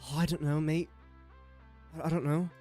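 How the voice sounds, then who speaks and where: A man's voice: a little high, steady tone, moderate pace, darkish tone, soft background music. A young English man casually commentating his own live game stream, chatty and self-mocking, muttering guesses as he plays. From England. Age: young adult.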